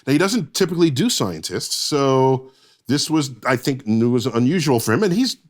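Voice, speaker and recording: Animated man telling a story. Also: mid-range voice, moderate pace. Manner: lively anecdote telling, acts out quoted lines. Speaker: guest, astrophysicist. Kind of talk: animated storytelling in casual chat.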